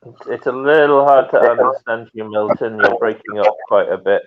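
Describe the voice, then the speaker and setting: Friendly chat show host, mid-pitched man. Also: normal speed, narrow, tinny audio. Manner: friendly, laughs often. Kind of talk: casual online chat.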